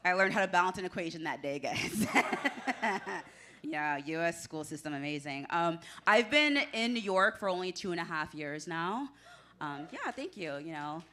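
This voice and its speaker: A woman's voice: on the low side, animated, moderate pace, fairly bright tone. A young woman from Washington, D.C. doing a stand-up comedy set, chatty and self-deprecating, laughing between her jokes. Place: small club stage with audience.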